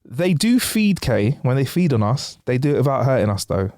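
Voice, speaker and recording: A man's voice: mid-range voice, sing-song, normal speed, darkish tone, no room sound. Laid-back man, dry sound. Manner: laid-back, sharing facts with frequent laughs. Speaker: podcast co-host. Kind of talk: casual chat.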